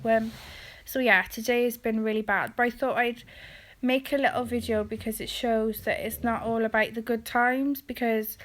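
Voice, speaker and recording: A woman talks straight to camera in a personal confessional vlog. Her voice sits a little high but stays flat and even, and she halts often, with ums, and lets sentences fade away quietly. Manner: halting and hesitant, many ums, often trailing off quietly. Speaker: vlogger.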